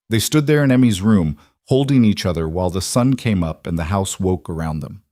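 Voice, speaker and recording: A man narrates a western story in an even, scripted manner. His voice sits low, and the recording is dry and close with no room sound. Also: brisk, few pauses, dry recording.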